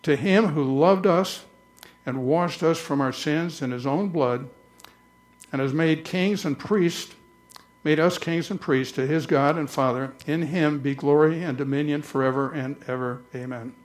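A man preaching a conversational church sermon, slowing down to read scripture aloud. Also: fairly high pitch. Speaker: pastor.

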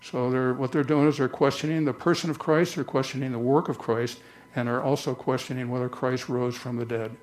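A man preaching a conversational church sermon, slowing down to read scripture aloud. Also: medium pitch, steady tone, darkish tone. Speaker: pastor.

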